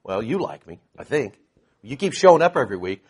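A man's voice: medium pitch, sing-song, brisk. A man teaching the Bible to a live group in a conversational, sarcastic way, with mocking asides.

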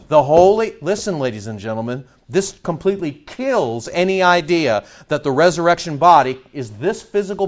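A man preaching an expository sermon, emphatic and full of rhetorical questions. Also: on the high side. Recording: dull lo-fi recording.

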